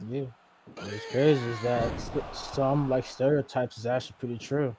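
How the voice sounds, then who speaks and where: A man's voice: medium pitch, steady tone, normal speed, background noise. A man in casual chat with friends, talking bluntly and swearing now and then.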